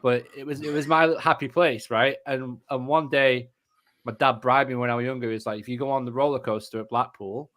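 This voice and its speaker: A man's voice: medium pitch, fairly even intonation, fairly quick, a bit bright. A man from England, a podcast co-host, telling stories in casual chat with plenty of slang and frequent laughter. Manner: chatty storyteller, slangy, laughs often.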